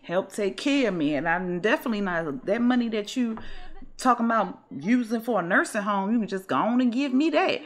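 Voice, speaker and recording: A woman's voice: medium pitch, animated, brisk, close to an everyday voice. A woman voicing a grieving elderly grandmother who complains and guilt-trips her daughter, in a pleading, indignant tone for a Sims let's play.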